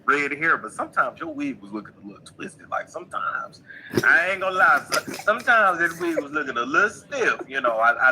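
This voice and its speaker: A man co-hosting a casual livestream who reads celebrity news aloud and riffs on it in a playful, animated way. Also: a little high, fairly quick, slight background noise, rough recording.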